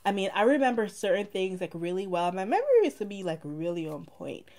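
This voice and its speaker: A woman's voice: mid-range voice, expressive, fast talker, a little mellow. A young woman with a mixed Saint Lucian and Bronx accent, chatting casually to her viewers in a rambling get-to-know-me vlog. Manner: chatty, rambling, many "like" fillers. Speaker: vlogger.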